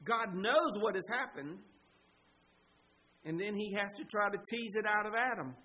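A man's voice: high-pitched, animated, moderate pace, sharp tone, slightly rough, low-quality recording. A man preaching a sermon as pastor, earnest and emphatic, pleading with his listeners.

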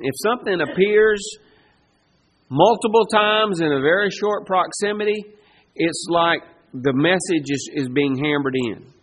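A middle-aged man preaching a sermon as pastor, emphatic, repeating key phrases and slowing down to stress commands. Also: high-pitched, pushed and bright, breathy edge.

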